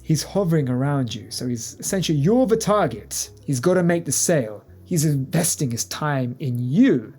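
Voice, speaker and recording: A man spinning a sarcastic comic anecdote, his voice rising and falling in a lively way. Faint music plays behind him. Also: fairly high pitch, normal speed, few pauses, breathy edge. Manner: sarcastic, animated. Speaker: comedian. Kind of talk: comedic storytelling.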